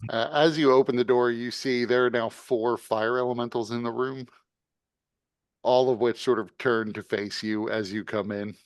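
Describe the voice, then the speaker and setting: A man running a tabletop game as game master, narrating scenes and giving calm, matter-of-fact rulings. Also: medium pitch, normal speed, clean tone, no echo.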